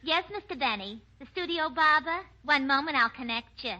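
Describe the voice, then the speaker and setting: A woman's voice: high-pitched, normal speed, lo-fi sound, noisy background, lightly acted. A woman playing a chatty, gossipy switchboard operator in a 1940s radio comedy.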